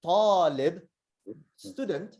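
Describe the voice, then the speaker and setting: Male teacher, slightly higher voice, mellow tone; patient, encouraging, demonstrates sounds slowly over a call. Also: dull audio. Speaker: Arabic letters teacher. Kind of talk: online pronunciation lesson.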